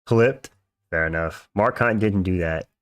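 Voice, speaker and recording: In a low-pitched, clear, resonant voice that runs a little slow, the host reacts to fights on his livestream, talking slang and thanking viewers who donate. No room sound is audible.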